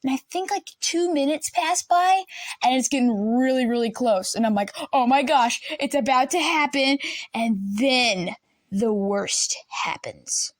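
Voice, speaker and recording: High, animated young woman storyteller. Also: a little slow, no room sound. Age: young adult. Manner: animated, acts out classmates and teachers. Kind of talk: casual storytime. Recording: dry close room, faint lamp buzz.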